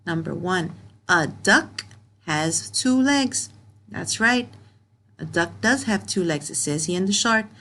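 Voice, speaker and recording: A woman teaching young pupils in a recorded grammar lesson, reading sentences aloud slowly word by word and patiently repeating herself. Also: lowish voice, lively intonation, bright, forceful tone. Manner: repeats and restarts phrases.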